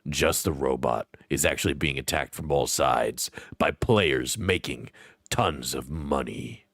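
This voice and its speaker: A grave, paranoid conspiracy theorist, put on by a man who drops his voice far lower than his own and stretches every word. He speaks slowly and darkly. The sound is dry and close. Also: gravelly, fairly bright tone, no echo, exaggerated voice. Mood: ominous. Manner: slow, ominous, low delivery.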